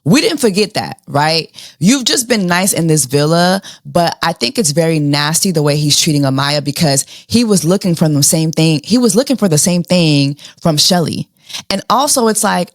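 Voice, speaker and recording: A woman's voice: fairly low pitch, no echo, studio quality. A woman hosting a casual reality TV recap, sassy and slangy, firing off rhetorical questions. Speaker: show host.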